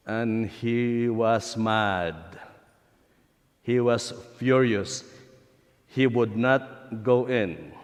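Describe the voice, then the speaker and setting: A man, a priest, giving a sermon and retelling a story in an unhurried way, pausing with fillers. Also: medium pitch. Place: church. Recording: long church reverb.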